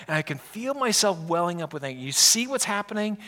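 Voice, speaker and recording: A man's voice: high voice, fast talker, hardly any pauses. A man pastor preaching a sermon in a conversational, storytelling way. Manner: conversational preaching with animated, exasperated retellings.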